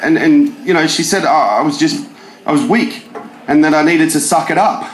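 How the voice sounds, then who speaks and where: A young man doing a stand-up comedy set in a pub, with animated joke delivery and some shouted bits. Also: fairly high pitch, moderate pace. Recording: roomy live venue sound.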